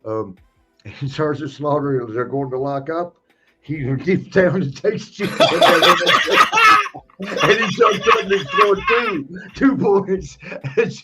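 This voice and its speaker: A man's voice: a little high, measured pace, poor audio. A man telling wrestling stories in casual podcast chat, laughing often and acting out the people in them. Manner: laughing, animated storyteller acting out other people. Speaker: podcast guest, retired wrestler.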